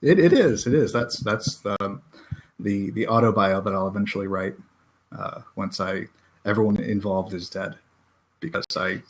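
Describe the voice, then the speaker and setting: Chatty American man, halting and self-deprecating. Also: lowish voice. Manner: halting, many restarts and self-deprecating laughs. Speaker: podcast guest, self-published author. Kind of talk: casual podcast chat.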